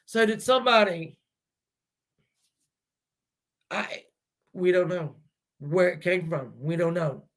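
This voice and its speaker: A man with a high-pitched, animated, somewhat bright voice speaks a little slowly. He hosts a true-crime channel, speculating aloud in a casual, rambling way with many restarts and fillers, and addresses his viewers directly.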